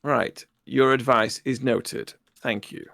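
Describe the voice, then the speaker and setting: A blunt military starship captain, as a man puts him on barks curt orders in a gravelly voice. The sound is dry and close. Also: mid-range voice, fairly even intonation, slow, bright, forceful tone, no echo, full character voice. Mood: dismissive. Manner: curt and threatening.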